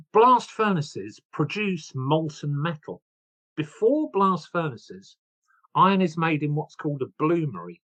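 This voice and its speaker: A man in his sixties, an author guest, telling his story in an animated, chatty way and laughing at himself. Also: fairly high pitch. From England. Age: 60s. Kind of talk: casual interview chat.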